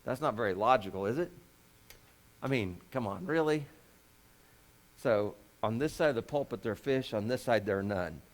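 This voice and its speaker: A man's voice: mid-range voice, lively intonation, moderate pace, pauses often. A man preaching a conversational sermon as a pastor, folksy and joking, with lots of rhetorical questions.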